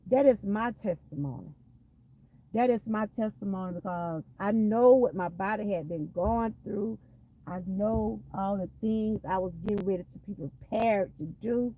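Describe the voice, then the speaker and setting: A woman's voice: mid-range voice, normal speed, mellow, slight background noise, rough recording. A woman with a Southern US accent from Georgia, giving an emphatic personal faith testimony and repeating phrases for weight. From Georgia, USA. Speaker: vlogger sharing a testimony.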